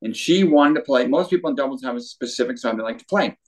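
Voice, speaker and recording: Older male guest, lively storyteller who acts out quotes, average pitch. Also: quick pace. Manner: animated storyteller with acted quotes. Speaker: guest, former tennis pro. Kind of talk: storytelling interview.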